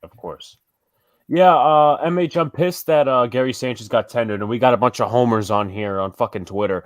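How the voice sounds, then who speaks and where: A man's voice: medium pitch, animated, normal speed, dry recording, studio quality. A young man with a New York accent, co-hosting a live sports stream, ranting angrily and swearing a lot. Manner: angry ranting, heavy swearing. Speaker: livestream co-host. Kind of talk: heated live sports chat.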